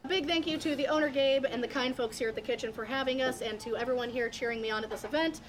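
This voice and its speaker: Brief: upbeat high-voiced woman, chatty vlog narration, eating challenge. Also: quick pace. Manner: upbeat, chatty, describing food. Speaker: competitive eater.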